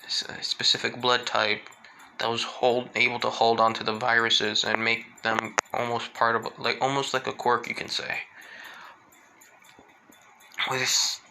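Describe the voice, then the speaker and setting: A man telling a fan story aloud, rambling and halting with fillers and restarts. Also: mid-range voice, level tone, creaky, noisy background. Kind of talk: improvised fan-fiction narration.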